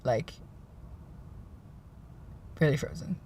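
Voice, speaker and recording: A vlogger from the East Coast of Canada, chatting casually in a parked car while cold and tired, wandering between chatty remarks and hushed mumbled asides. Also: extremely slow, a little hiss or hum. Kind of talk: casual vlog chat. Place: inside a parked car in winter.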